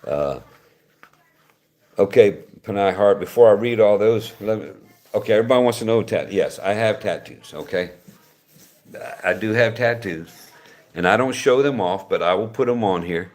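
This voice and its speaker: Older man, from West Virginia, deep voice, casual rambling livestream chat. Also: moderate pace, long pauses, a little mellow. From West Virginia, United States. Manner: rambling, conversational, frequent restarts. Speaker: channel host reading viewer comments.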